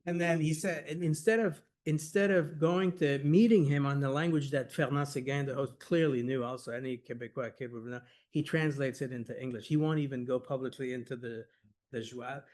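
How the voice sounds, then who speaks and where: A man speaking at a scholarly workshop, telling stories in an enthusiastic, rapid, conversational way full of "like" and "you know", sometimes laughing as he goes. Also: mid-range voice, fairly even intonation, darkish tone. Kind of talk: animated conversational lecture.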